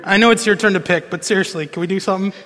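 A man's voice: sits high, rapid-fire, sharp tone. A man voicing a restless young boy who whines impatiently, in a large echoing hall. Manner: whiny, impatient. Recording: long reverb of a large hall.

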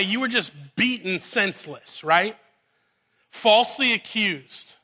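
A man's voice: sits high, sharp tone. A male pastor preaching a conversational sermon, often checking in with his listeners and acting out the scene he is telling. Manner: conversational, asks the audience "right?" often, dramatizes the scene.

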